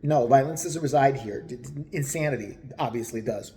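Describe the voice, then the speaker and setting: A vlogger ranting through a storytime in an animated, profane, exasperated way. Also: medium pitch, brisk. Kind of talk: storytime rant.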